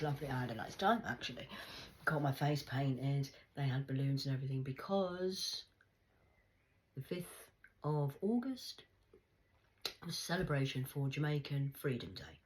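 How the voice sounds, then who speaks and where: A woman's voice: a bass voice, low-quality recording. Woman, middle-aged, rambling story vlog, swears a lot, very blunt. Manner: acts out quoted dialogue in lively voices. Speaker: vlogger. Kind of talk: casual monologue storytelling.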